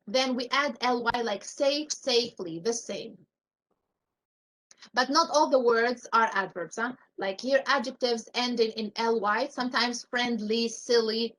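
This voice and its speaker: A high-voiced woman with a fairly bright tone leads a live English grammar lesson, taking each rule step by step with example after example and repeatedly asking the class questions. The audio is poor.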